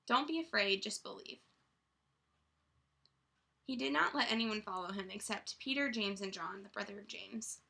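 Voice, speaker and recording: A young woman with a bright, forceful voice leads a student Bible study. She talks casually, full of "like" and false starts, pitched a little high. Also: breathy edge. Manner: chatty, lots of "like" and restarts.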